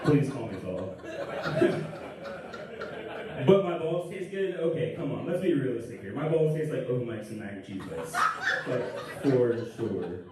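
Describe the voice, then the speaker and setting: A young man doing crude, rambling stand-up comedy with deadpan asides. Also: mid-range voice, a little slow, crowd noise. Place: comedy club stage. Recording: echoey room, distant mic, noisy.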